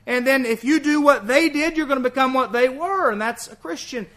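High, bright-voiced earnest male preacher. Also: brisk. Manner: earnest, emphatic, repeats key lines. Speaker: visiting preacher. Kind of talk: sermon.

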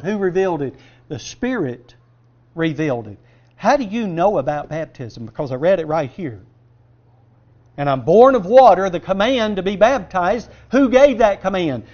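A high-pitched male preacher delivers a sermon, throwing questions at the congregation and answering them himself. He swings between loud, stressed phrases and low, quiet asides. The recording is dull and lo-fi.

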